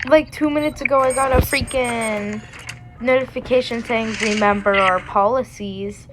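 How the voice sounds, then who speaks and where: A woman's voice: a little high, normal speed, background noise. Sassy young woman roasting in voice chat. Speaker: gamer playing with a friend. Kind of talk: casual voice-chat gameplay banter.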